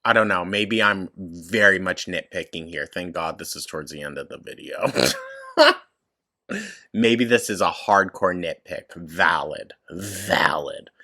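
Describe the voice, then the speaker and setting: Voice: low voice, a little slow, bright, forceful tone. A commentary YouTuber reacting to clips, sarcastic and blunt, swearing often and laughing at the material.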